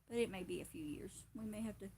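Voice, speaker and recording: A woman's voice: mid-range voice, fast talker, gravelly, warm tone, slight background noise. Chatty woman hosting a homestead livestream. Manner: chatty, rambling, laughs often. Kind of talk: casual chat.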